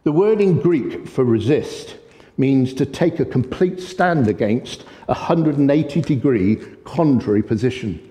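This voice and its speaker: A man's voice: medium pitch, measured pace. Impassioned male preacher in an echoey hall. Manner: impassioned, gets excited and loud. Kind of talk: sermon. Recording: long echoey hall reverb.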